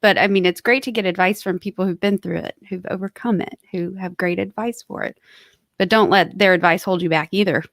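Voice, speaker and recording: A woman's voice: lowish voice, steady tone, fairly quick, no echo. Woman cohosting a podcast, earnest tip-giving, dry mic sound. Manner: earnest, gives practical tips. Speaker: podcast co-host. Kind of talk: casual podcast discussion.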